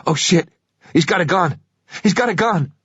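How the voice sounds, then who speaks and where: A man voicing a young, drunk American man with a high, strained voice, in an audiobook reading. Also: normal speed, no room sound, highs cut off, natural voice. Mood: panicked.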